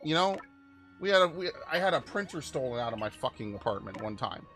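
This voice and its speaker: A man's voice: mid-range voice, very animated, a little fast, a bit bright. Blunt profane man ranting over game music. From New York. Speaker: gaming channel host. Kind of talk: casual live-stream rant during gameplay.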